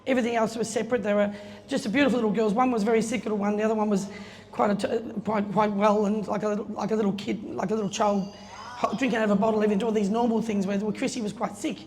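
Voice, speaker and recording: A woman's voice: mid-range voice, steady tone, fast, darkish tone. A middle-aged woman telling a chatty, laughing story to an audience, acting out the voices of the people in it. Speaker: guest speaker telling a story at an opening. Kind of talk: casual anecdotal speech. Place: event space. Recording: long reverb, faint room noise.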